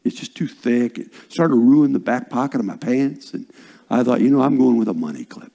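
An older man preaching a sermon as a pastor, swinging from loud, stressed phrases down to hushed whispers. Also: mid-range voice, lively intonation, a little fast.

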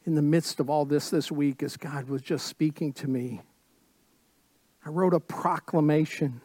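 Slow, emphatic preaching man. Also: a little high, steady tone, husky, no echo. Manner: slow, emphatic preaching with repeated phrases and sudden soft drops. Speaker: pastor. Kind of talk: sermon.

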